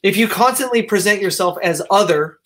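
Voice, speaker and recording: A man from the United States hosts a casual discussion in a bright, tense-edged voice. He drifts between points, often restarting his sentences and trailing off into fillers. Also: high-pitched, a little hiss or hum. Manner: digressive, halting, many restarts and fillers. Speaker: host.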